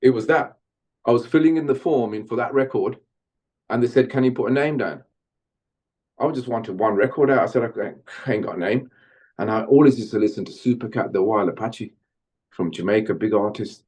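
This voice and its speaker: A middle-aged man from Birmingham, England, guesting on an interview podcast and telling stories from his music career in an animated way. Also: mid-range voice, a little fast, husky. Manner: animated storyteller, slips into Jamaican-style patois when chanting. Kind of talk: storytelling interview.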